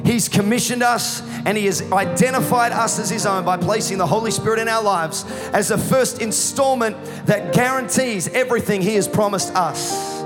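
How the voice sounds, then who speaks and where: High-voiced pastor preaching in a hall. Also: male voice, moderate pace, hardly any pauses. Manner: passionate preaching, building to shouts. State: losing his voice. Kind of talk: sermon. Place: church hall. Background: music playing underneath.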